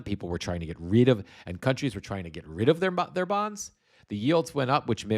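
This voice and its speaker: A man from the United States with a somewhat low voice hosts a political commentary livestream. He rambles, swears freely and speaks bluntly. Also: darkish tone. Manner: rambling, blunt and heavily profane. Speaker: host.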